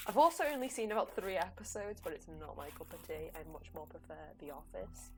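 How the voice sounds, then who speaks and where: A woman's voice: on the low side, lively intonation, brisk. Chatty young woman streamer. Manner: chatty, rambling and giggly. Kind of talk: casual live game commentary.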